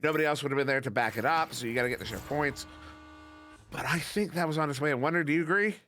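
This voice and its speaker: A man's voice: on the high side, bright, forceful tone. A man casting a virtual reality sports match with play-by-play calls and playful joking asides. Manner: joking, playful asides, quotes action-hero one-liners; rapid play calling. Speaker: esports caster. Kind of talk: play-by-play commentary.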